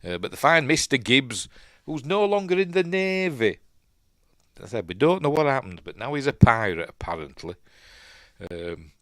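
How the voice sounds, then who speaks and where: A man's voice: mid-range voice, big pitch swings, moderate pace, fairly bright tone, no echo, studio quality. A man with a Yorkshire accent giving casual, rambling commentary on a film as he watches, chatty and prone to tangents. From Yorkshire, England. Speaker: film reviewer, channel host.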